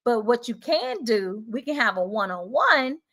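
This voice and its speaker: A woman's voice: fairly high pitch, big pitch swings, moderate pace, a bit bright. A woman with a Southern US accent, hosting a live stream for teachers in a chatty, encouraging way and reading out viewer comments. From Southern United States.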